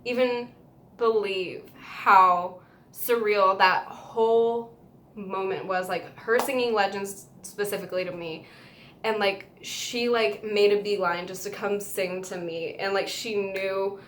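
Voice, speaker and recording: A woman's voice: mid-range voice, fairly even intonation, takes it slowly, fairly bright tone, slight background noise. Gushing young woman telling a story. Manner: gushing and emotional, rambling with many "like" fillers. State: overwhelmed with happiness. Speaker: vlogger telling a fan story. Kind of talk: casual storytime vlog.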